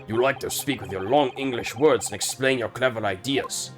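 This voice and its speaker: Dude doing a thick russian-accent sailor, gruff and stubborn, broken english, game music. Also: male voice, mid-range voice, normal speed, close to an everyday voice. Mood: defiant. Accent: put-on Russian. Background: video game music.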